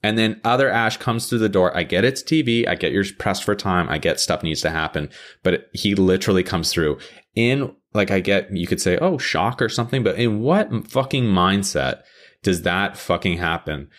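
A man's voice: moderate pace, fairly bright tone. Profane, fired-up man ranting. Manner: profane, exasperated, jumps into high-pitched mock quotes. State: hyped up. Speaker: podcast host. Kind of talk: casual ranting show recap.

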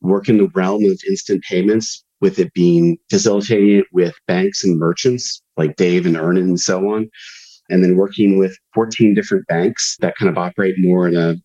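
A male business guest who explains his company's work in a steady, matter-of-fact way. His voice is low, dark and husky. The audio comes across dull and lo-fi. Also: normal speed. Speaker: panel guest, payments business. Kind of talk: conversational business talk.

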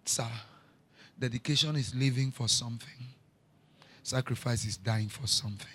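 A man preaching a sermon, repeating his lines, moving from quiet storytelling to shouting. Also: mid-range voice, normal speed, husky. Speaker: pastor.

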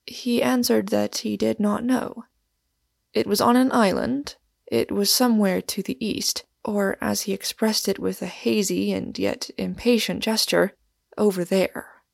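A woman narrating a novel aloud in a measured, even storytelling manner. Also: medium pitch, creaky, no echo, studio quality. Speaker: audiobook reader.

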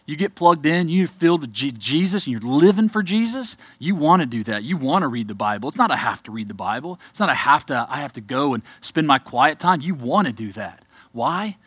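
A man preaching to a congregation, telling his own story with earnest emphasis and quiet asides. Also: fairly high pitch, very animated, a little fast, breathy edge, dry recording. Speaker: church speaker giving a testimony. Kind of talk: testimony sermon.

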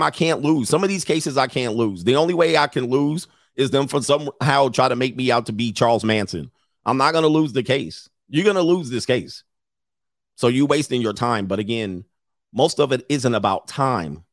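A man's voice: medium pitch, animated, normal speed, gravelly, dry recording, clean studio sound. A middle-aged man giving blunt, profane advice in a casual talk, often mimicking others in a raised voice. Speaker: podcast host giving advice.

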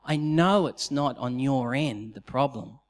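A pastor preaching a sermon, telling the story in an animated way and acting out the quotes. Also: male voice, medium pitch, unhurried. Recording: long reverb of a large hall.

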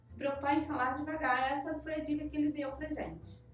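High-voiced woman in an echoey room. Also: steady tone, fast talker, soft background music. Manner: recaps and translates the guest's points. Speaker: co-host explaining tips. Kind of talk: casual explanation. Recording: very echoey room, distant mic.

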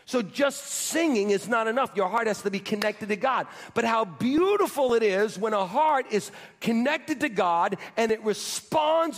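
High-voiced preaching man in a big hall. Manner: preachy call-and-response, repeating phrases for emphasis. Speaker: pastor. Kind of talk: sermon. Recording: church hall reverb.

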